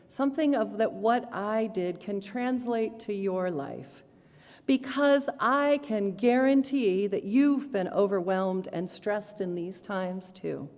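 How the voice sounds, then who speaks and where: A woman minister preaches to her congregation in an earnest, pastoral way, with touches of gentle humor. She speaks slowly and deliberately, her voice at a middling pitch. Her words ring out with a long reverb in the sanctuary. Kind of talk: sermon. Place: church sanctuary.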